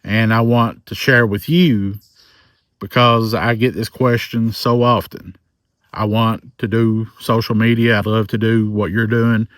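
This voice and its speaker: A man in his forties with a thick Southern drawl, talking slowly and earnestly to camera about his faith and his channel. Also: on the low side, fairly even intonation, a bit bright, no room sound, studio quality. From American South. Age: 40s. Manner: slow, earnest, faith-filled. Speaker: paranormal content creator. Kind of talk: personal testimony to camera.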